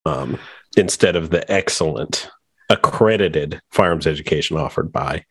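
A man's voice: extremely low pitch, normal speed, breathy edge, dry recording, clean studio sound. A man hosting a podcast in casual chat, joking and bantering with his co-host.

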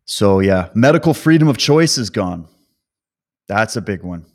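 A man's voice: lowish voice, lively intonation, measured pace. A man giving a casual, rambling opinion monologue, ranting and sarcastic, with many fillers and restarts. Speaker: vlogger.

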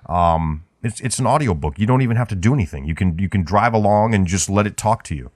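A man's voice: lowish voice, lively intonation, fast talker, no echo, clean studio sound. A man co-hosting a podcast in casual banter, joking and rambling with plenty of ums and uhs. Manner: joking, rambling with many fillers. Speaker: podcast co-host.

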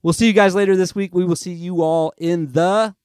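A man's voice: high voice, fairly even intonation, brisk, a little mellow, clean tone, no room sound, studio quality. A young man hosting a casual sports podcast, rambling and chatty, amusing himself as he goes. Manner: chatty, rambling, self-amused. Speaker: podcast host. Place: lives in Nashville.

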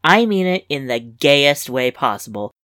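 A woman hosting and reading a story aloud in wry, lively first-person narration on a close mic. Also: a bass voice, unhurried, no room sound. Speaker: story reader and host. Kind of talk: scripted fiction narration.

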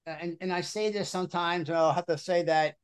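A middle-aged man, a football coach hosting a casual chat, telling stories in an animated way and often repeating his words. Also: high-pitched, brisk, clean tone.

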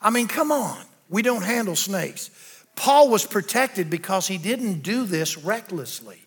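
An older man preaching a sermon, animated and calling out to the congregation for responses. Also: high voice, a little slow, breathy edge. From American South. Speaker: pastor.

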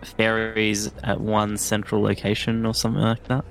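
A man's voice: fairly low pitch, monotone, normal speed, creaky, faint music behind. A man playing a tabletop game, asking practical questions in a matter-of-fact way. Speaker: player. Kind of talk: tabletop role-play chat.

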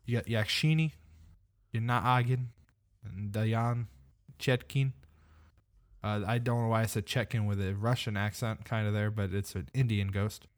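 A man's voice: on the low side, fairly even intonation, normal speed. A man co-hosting a podcast in casual chat, rambling and hesitant, laughing often. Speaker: podcast co-host.

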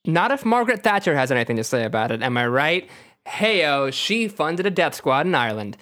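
A man's voice: on the high side, big pitch swings, fairly quick, fairly bright tone. A man co-hosting a comedy podcast, reading a gamebook aloud and breaking off into jokes and laughter. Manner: reads passages, breaks off into jokes, laughs a lot.

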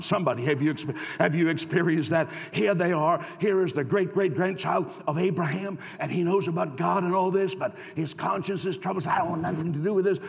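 A man's voice: a little high, gravelly. A man preaching a storytelling sermon, folksy and full of stammering restarts, asking his congregation rhetorical questions. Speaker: pastor. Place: church sanctuary. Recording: long hall reverb.

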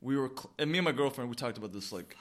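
A man's voice: medium pitch, animated, rapid-fire. A man co-hosting a podcast, telling a story in casual chat, full of fillers and the odd swear word. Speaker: podcast co-host.

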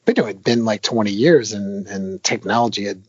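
Brisk and husky with a lowish voice, a man who designs arcade games talks at length in a casual interview as a guest. The recording is dry and muffled. He rambles through fillers and restarts but comes alive when retelling stories.

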